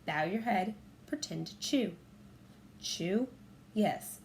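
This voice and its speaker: A woman's voice: medium pitch, expressive, takes it slowly, slight background noise. A woman reading a children's audiobook, voicing a cautious, bookish young boy who talks in an earnest, urgent way. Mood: hushed. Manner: earnest, urgent, often hushed.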